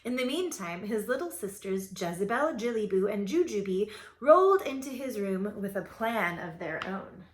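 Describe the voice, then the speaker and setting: A woman teacher reading a children's picture book aloud with expressive, playful storytelling. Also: mid-range voice, normal speed. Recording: roomy echoey room.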